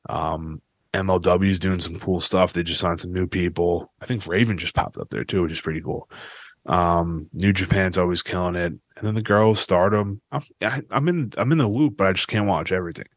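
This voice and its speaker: Male podcast host, low voice, dry close sound, swears freely while ranting. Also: moderate pace, no room sound. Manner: profane, ranting, restless. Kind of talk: casual podcast rant.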